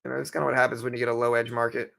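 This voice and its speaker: A man's voice: medium pitch, very fast, creaky. A young man hosting a live trading stream, talking casually and loosely, with lots of fillers and repeated phrases, and he has the hiccups. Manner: relaxed, rambling, repeats himself, many fillers. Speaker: livestream trading host.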